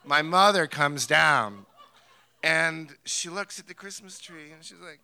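Slow, gravelly, bright-voiced man storyteller. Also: a little high, dry recording. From New Hampshire, USA. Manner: wry, amused, laughs through his story. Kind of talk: live storytelling to an audience. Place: theater stage.

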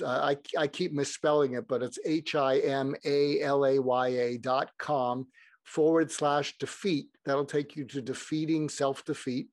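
Brief: chatty male podcast guest, slightly high voice, dry close recording, wandering delivery. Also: no room sound. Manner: meandering, frequent restarts. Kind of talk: casual rambling storytelling.

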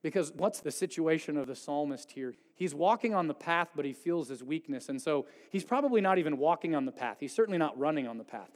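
A man delivers a sermon in a high voice, pressing hard in pleading passages and then dropping almost to a hush. His voice rings out with a long reverb that fills a church sanctuary. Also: animated, fast, few pauses. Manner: swings from pleading intensity to hushed quiet. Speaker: pastor.

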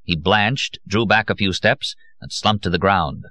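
Deep-voiced man reading an audiobook. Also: measured pace, no room sound. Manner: expressive, theatrical reading. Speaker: audiobook narrator.

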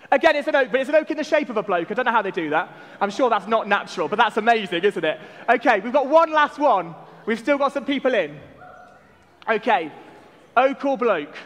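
A man's voice: very high voice, a bit bright. A man leading a church service, joking and running a game with the congregation in a playful family-service style. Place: large church hall with a congregation. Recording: long church reverb.

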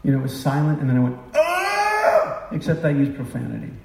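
A man's voice: medium pitch, steady tone, racing, vocal fry, background noise. A man in his fifties preaching a sermon, confessional and emotional, rising to impassioned outbursts. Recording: roomy sound from a distance.

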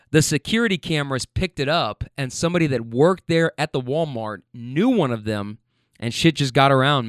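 Recorded dry in a clean studio, a fairly high-pitched young man casually recounts a funny story about his passengers. He animatedly quotes their lines in their voices and laughs as the story unfolds.

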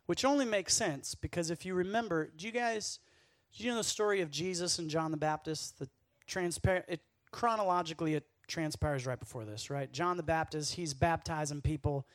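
A young man preaching a casual youth sermon, energetic and jokey, telling stories with asides to the crowd. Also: on the high side, brisk, no echo, studio quality. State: sweating, worked up. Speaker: speaker at a youth camp.

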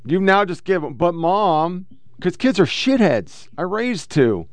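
A man's voice: sits high, big pitch swings, measured pace, dry recording. A middle-aged man hosting a casual, profane commentary show, bluntly lecturing about the clips he plays. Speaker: podcast host reacting to clips.

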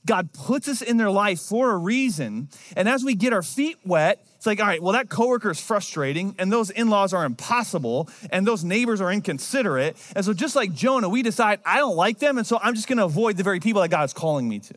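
A man in his thirties preaching to a congregation with a slightly high voice. He talks casually, tells stories and acts out the voices of people in them. His sermon moves between plain talk and bursts of emphasis. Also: animated, a little fast, hardly any pauses, fairly bright tone. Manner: conversational, storytelling with acted-out quotes. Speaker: pastor.

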